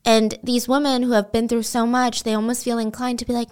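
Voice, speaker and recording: Animated higher-voiced woman telling a true-crime story. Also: a little fast, clear, resonant tone. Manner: animated, expressive, acts out quotes. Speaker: podcast host.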